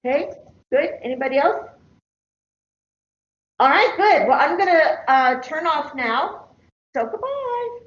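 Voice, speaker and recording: A woman's voice: high-pitched, expressive, unhurried, long pauses. Older woman, college lecturer, conversational, roomy classroom, dull recording. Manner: conversational, checks in with students.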